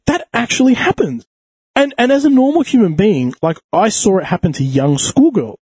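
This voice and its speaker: A man telling a crude, animated story in casual chat, swearing freely. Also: high-pitched, normal speed, slightly rough, no echo. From Australia.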